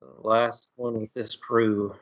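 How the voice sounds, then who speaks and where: A man's voice: mid-range voice, level tone, highs cut off. A man co-hosting a casual podcast, joking along with the others. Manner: joking, quick with gags. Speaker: podcast co-host.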